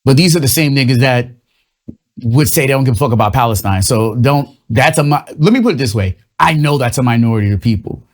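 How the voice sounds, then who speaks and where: A young man hosting his own show, delivering a loose, profane, rambling comedic monologue and slipping into quick mocking voices. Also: medium pitch. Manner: loose, profane, rambling storytelling with shifting vocal impressions. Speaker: host of a comedic commentary show.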